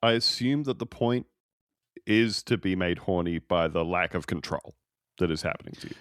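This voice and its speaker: A man co-hosting a comedy podcast, deadpan and mock-serious, swearing freely in casual banter on a close mic. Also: low-pitched, moderate pace, smooth, no echo. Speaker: podcast co-host.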